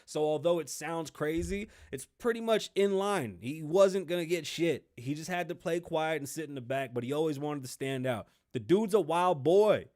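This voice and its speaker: Casting note: a brash male host, higher voice, rambling and profane. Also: animated, moderate pace, hardly any pauses, darkish tone. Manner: brash, rambling, heavy swearing. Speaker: show host. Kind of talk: profane comedic commentary.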